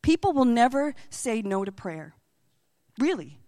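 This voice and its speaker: A middle-aged Christian speaker shares her faith testimony, telling the story in a chatty, earnest way and acting out the voices of people she quotes. Her voice is a little high, warm and very animated, and she speaks a little slowly.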